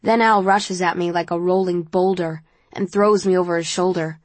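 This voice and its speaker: A woman reads a first-person novel aloud in a calm, measured manner. Her voice sits on the lower side. The recording is close and completely dry. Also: no echo. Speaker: audiobook narrator.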